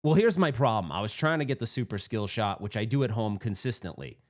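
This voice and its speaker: A man telling a rambling, excitable story about a pinball tournament, restarting often and working himself up. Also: fairly low pitch, brisk. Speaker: pinball vlogger. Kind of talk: casual storytelling monologue.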